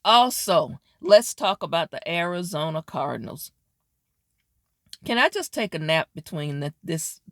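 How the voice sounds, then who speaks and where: A woman doing a casual sports wrap-up, sassy and animated, talking straight at teams and players. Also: fairly low pitch, unhurried, no room sound, studio quality. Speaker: sports commentary vlogger.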